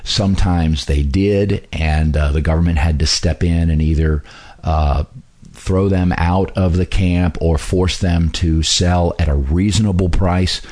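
Low-voiced male historian guest, unhurried storyteller with frequent filler pauses. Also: steady tone, a little mellow. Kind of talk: conversational explanation.

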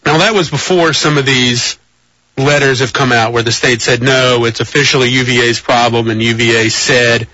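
A man's voice: mid-range voice, fairly even intonation, moderate pace, bright, forceful tone, no echo. A man hosting a call-in radio show, rambling with wry asides, on a dull lo-fi broadcast. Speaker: radio host.

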